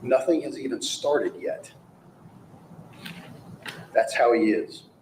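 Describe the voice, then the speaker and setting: A man delivering a closing argument in a courtroom, pressing the jury with forceful, rhetorical questions. His voice sits at an ordinary middle pitch, and it rings in a roomy hall with a faint hum underneath. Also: slow pace. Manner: forceful, rhetorical, mocking quotes of the defendant. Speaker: prosecutor.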